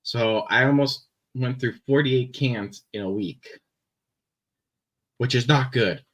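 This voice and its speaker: Man, Canadian accent, young adult, slow unhurried pace, casual rambling stream chat, faint clicking behind. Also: mid-range voice, poor audio. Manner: rambling, filler-heavy talk with many pauses. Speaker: live-stream builder.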